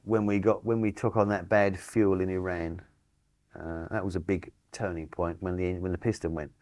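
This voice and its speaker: A man's voice: deep voice, little pitch movement, moderate pace, darkish tone, no echo. A man recounting a rally breakdown in a plain, matter-of-fact way. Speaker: rally participant. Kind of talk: interview conversation.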